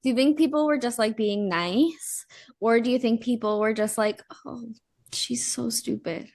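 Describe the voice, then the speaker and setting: A young woman co-hosting a podcast in casual chat, playful and quick to laugh and tease. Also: a little high, darkish tone. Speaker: podcast co-host.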